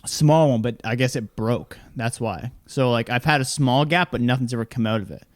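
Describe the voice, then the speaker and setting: A man's voice: medium pitch, moderate pace, dry recording, clean studio sound. A man co-hosting a podcast, telling a long personal story in casual chat with fillers and quoted voices. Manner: rambling anecdote with acted quotes and frequent fillers. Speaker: podcast co-host.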